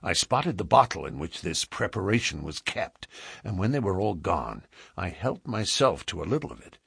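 A man's voice: sits low, sing-song, moderate pace, vocal fry, fairly bright tone, slightly rough, dry recording, studio quality. A man reading a classic novel aloud as dramatic first-person narration. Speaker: audiobook narrator.

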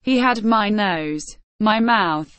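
Slow, careful woman storyteller. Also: medium pitch, lively intonation, a bit bright, no room sound. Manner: measured, careful reading with quoted dialogue. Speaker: narrator. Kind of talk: slow graded-reader story narration.

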